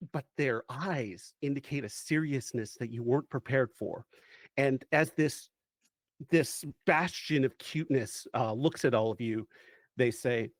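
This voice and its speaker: A man's voice: medium pitch, unhurried, dry recording, studio quality. A man running a tabletop role-playing game as game master, narrating playfully with frequent restarts.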